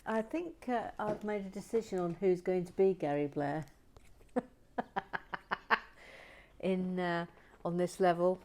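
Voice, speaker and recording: Slow, soft-spoken woman muttering asides. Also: on the low side. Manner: muttering with frequent whispered asides. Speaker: vlog host. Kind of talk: casual chat while building bricks.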